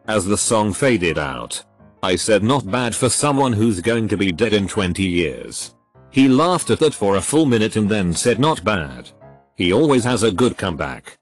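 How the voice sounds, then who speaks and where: Low-voiced man narrating reader stories. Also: normal speed, faint music behind. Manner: reads punctuation aloud, flat delivery. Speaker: narrator reading posts aloud.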